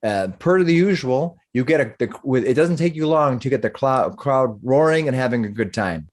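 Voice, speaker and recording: A man's voice: medium pitch, lively intonation, moderate pace. A man narrating as game master of a tabletop game, rambling and restarting as he goes.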